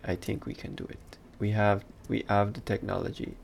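A man's voice: on the low side, flat delivery, normal speed, gravelly, darkish tone, slight background noise. A man giving a casual live-stream 3D modeling lesson, muttering to himself with dry asides as he works. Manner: muttering, self-talk, dry asides while working. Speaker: 3D modeling instructor streaming a class.

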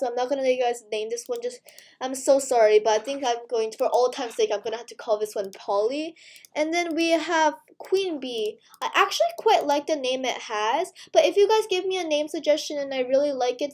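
A woman hosting a gaming video, overexcited and tired, stammering and spluttering as she chats to her viewers. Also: sits high. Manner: breathless, stammering and spluttering with excitement. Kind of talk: excited gaming vlog chat.

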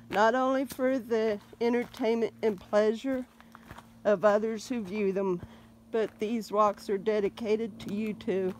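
A woman's voice: medium pitch, a little mellow, a little hiss or hum. A middle-aged woman vlogging as she walks, talking in a heartfelt way and tearing up, a little sniffly. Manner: tearful, heartfelt. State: teary, sniffly. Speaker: vlogger on a walk. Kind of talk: casual vlog chat while walking.

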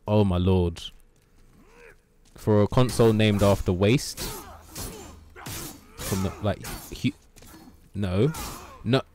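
A man's voice: on the low side, moderate pace, long pauses, darkish tone, slight background noise. A man streaming a video game live, rambling and swearing as he jokes with his chat. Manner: rambling, profane, joking banter with chat. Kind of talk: live gameplay commentary.

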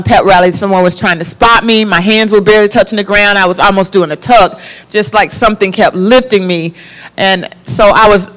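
A young woman from the Florida Panhandle tells a personal faith story on a talk show. Her storytelling is animated, and she breaks into laughter often. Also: mid-range voice, clean tone. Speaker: guest.

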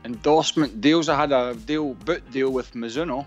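A man's voice: mid-range voice, moderate pace, faint music behind. A middle-aged man, a former footballer, telling rambling anecdotes as a pundit with many hesitations. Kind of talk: casual studio chat.

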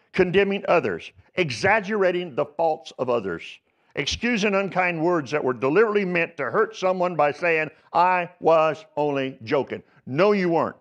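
A male pastor delivers a sermon in a voice a little higher than most men's. He tells homespun stories and then presses his point with rising insistence. The church recording sounds somewhat dull and lo-fi. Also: animated, normal speed. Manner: folksy storytelling preaching, building to emphatic exhortation. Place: church sanctuary.

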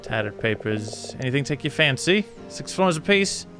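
A man voicing a gruff, streetwise male rodent trader in a fantasy game, with a rough folksy accent and sailor-like slang. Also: mid-range voice, sing-song, moderate pace, over music, pitched above the performer's own voice, natural voice. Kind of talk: reading game dialogue aloud in character.

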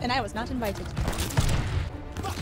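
A woman streamer giving casual, excitable commentary as she plays a shooter, laughing often and talking to the game. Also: a little high, moderate pace. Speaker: gaming streamer. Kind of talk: casual let's-play commentary. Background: game music and gunfire.

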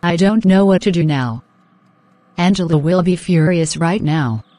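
A woman's voice: lowish voice, unhurried, no echo. Brief: woman doing a frazzled young woman, snappy and worried, dry close sound. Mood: fretful. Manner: exasperated, sharp-tongued, fretful. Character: flustered, anxious young fiancée. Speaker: voice actor in animated drama.

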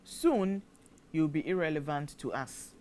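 A Ghanaian woman hosting a lively commentary segment who reads viewers' comments aloud. She talks loudly and with a lot of animation. She breaks into laughter between lines. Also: low-pitched, unhurried. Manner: animated, loud, laughing while reading. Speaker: presenter reading social media comments. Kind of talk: lively commentary mixing English and Twi.

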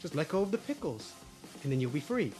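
A man voicing a clever, calm male hero who outwits goblins in a told story, speaking low and deadpan. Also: fast, slightly rough, soft background music, exaggerated voice. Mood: smug.

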